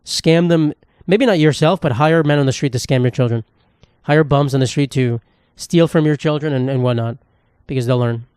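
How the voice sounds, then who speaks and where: A young man talks through a solo podcast, loose and rambling, swearing freely and tossing in sarcastic asides. His voice sits at an ordinary middle pitch, and his throat sounds dry. The sound is close and dead, with no room around it. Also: moderate pace, darkish tone, smooth, dry recording. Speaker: podcast host. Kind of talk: casual solo podcast monologue.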